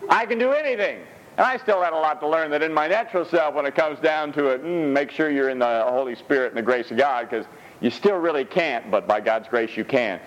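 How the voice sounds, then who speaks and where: A man preaching a sermon in an animated, joking way. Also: a little fast, muffled recording. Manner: animated, jokey preaching with swings of pitch. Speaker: pastor.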